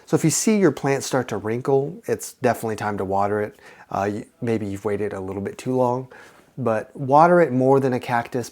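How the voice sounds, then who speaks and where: This young man hosts a casual plant-care vlog, speaking in a medium-pitched, slightly mellow voice. He's chatty and friendly but rambles, packing in lots of fillers, restarts and self-corrections.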